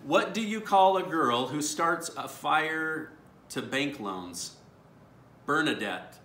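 A man's voice: fairly high pitch, expressive, slow pace, a bit bright, reverberant, slight background noise. A man hosting a family video, reading dad jokes aloud and laughing at his own punchlines. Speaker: YouTube host reading viewer dad jokes. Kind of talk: casual family vlog.

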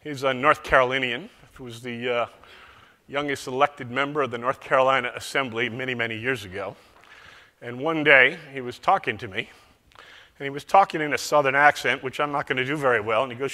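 A man's voice: mid-range voice, a little fast, bright, forceful tone. A man giving a conference keynote speech in a conversational, joking way. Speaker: keynote speaker. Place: large conference hall. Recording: reverberant hall sound.

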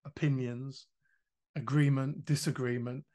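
A man, a podcast guest explaining his ideas in a lively, casual way, acting out quoted voices and swearing now and then. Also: medium pitch, a little slow. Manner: animated, swears freely, acts out quoted voices.

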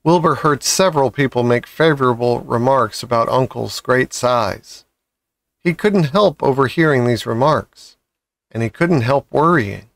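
A man reading a children's novel aloud with calm, measured storybook narration. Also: mid-range voice, creaky, no echo. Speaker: audiobook reader.

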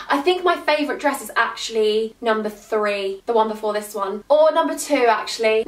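An excitable young woman chats to her viewers in a gushing, animated way, her voice sitting a touch high. She is some way from the mic, and the room rings with echo. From England. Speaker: vlogger. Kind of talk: casual chat to camera. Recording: echoey room from a distance off the mic.

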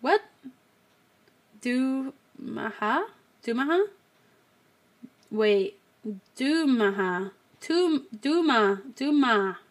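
Bubbly high-voiced young woman streamer. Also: expressive, extremely slow, pauses often. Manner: giggly, swears a lot, repeats phrases. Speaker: game streamer. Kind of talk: casual live-stream chatter.

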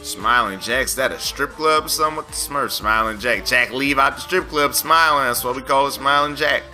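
A man's voice: medium pitch, moderate pace, bright, forceful tone, faint music behind. A man hosting a let's play, rambling, teasing and talking back to the game as he plays. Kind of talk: joking gameplay commentary.

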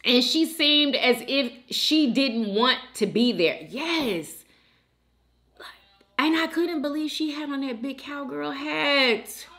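A woman from Houston, hosting a mukbang and chatting warmly and emotionally with viewers in the chat. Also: high-pitched, takes it slowly. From Houston, Texas. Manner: chatty and emotional, calls viewers girl and sis. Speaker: mukbang host reading live chat. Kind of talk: casual chat.

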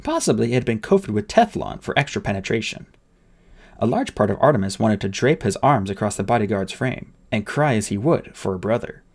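A man reading an audiobook aloud with expressive, dramatic narration. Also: lowish voice, fairly quick.

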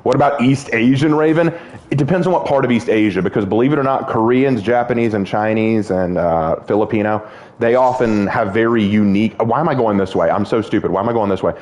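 A man's voice: lowish voice, a little fast. A young man streaming a game, chatting casually and joking with friends. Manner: laughing, joking, animated. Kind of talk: casual gaming chat.

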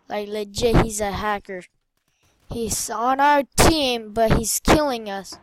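A young woman giving casual commentary while playing a shooter game, excitable and often muttering to herself. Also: mid-range voice, takes it slowly. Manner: excitable, swears mildly, trails off into mumbling. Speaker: gamer. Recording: faint game gunfire behind.

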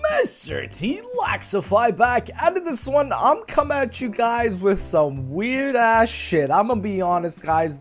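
A man reading fan fiction aloud to his channel, casual and profane, breaking off into reactions. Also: high voice. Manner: profane, animated asides between read lines.

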